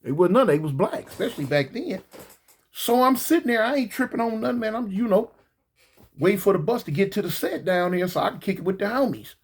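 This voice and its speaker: A storyteller talking casually and slangily, animated, often repeating words and acting out voices. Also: medium pitch, brisk, breathy edge. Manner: acts out voices in quotes.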